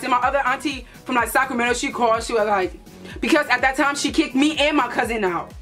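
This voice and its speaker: A young woman from Liberia telling a lively storytime vlog, acting out her relatives' voices. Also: high voice, brisk, soft background music. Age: young adult. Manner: animated, playful storytelling with put-on voices for relatives. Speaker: vlogger.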